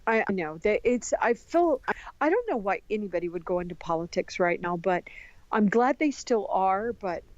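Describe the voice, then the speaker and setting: Chatty American woman guest, mid-pitch, dry slightly lo-fi sound. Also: moderate pace, no room sound. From United States. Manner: animated and talkative, many restarts. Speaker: podcast guest. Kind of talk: casual conversation.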